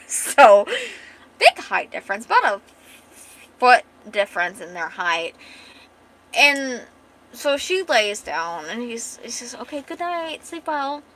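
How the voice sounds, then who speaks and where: A woman's voice: a little high, sharp tone. A woman streamer chatting casually with viewers while retelling and reading a comic aloud, full of fillers and restarts.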